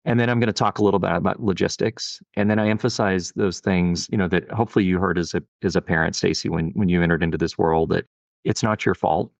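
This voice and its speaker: A man's voice: low-pitched, steady tone, fast talker, gravelly, no echo, lo-fi sound. A middle-aged man, a pediatric endocrinologist, talking earnestly and thoughtfully in a podcast interview, often saying "you know". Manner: earnest, reflective, with many "you know" fillers.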